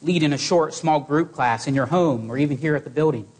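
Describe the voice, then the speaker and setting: A man preaching a sermon to his congregation in an earnest, exhorting way, with measured pauses. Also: a little high, darkish tone.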